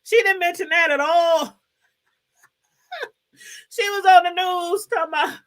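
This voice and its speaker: Animated high-voiced middle-aged woman host. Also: unhurried. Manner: animated, chatty, laughs often and greets viewers by name. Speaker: YouTube commentary host. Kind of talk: casual commentary to viewers.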